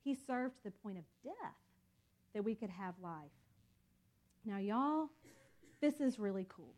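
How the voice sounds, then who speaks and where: A woman's voice: medium pitch, animated, measured pace, darkish tone. A woman teaching a Bible study in an earnest, conversational way, calling her listeners y'all.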